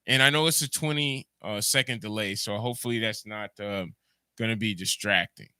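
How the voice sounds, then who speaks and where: Jamaican guy on a livestream, rambling and repeating himself, super bright voice, dry close sound. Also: fairly low pitch, a little fast, clean tone, dry recording. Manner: rambling, repeats words, talks to live chat. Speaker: podcast host. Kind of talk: casual livestream commentary.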